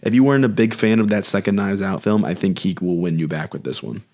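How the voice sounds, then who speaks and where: Deep voiced guy cohosting a film podcast, earnest and thoughtful, full sentences. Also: quick pace, darkish tone. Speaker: podcast co-host. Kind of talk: casual chat about movies.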